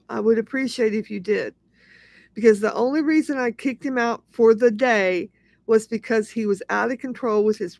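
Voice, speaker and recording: A woman's voice: medium pitch, gravelly, darkish tone, no room sound. A woman hosting a casual livestream, talking in an aggrieved, repetitive rant. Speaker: livestream host.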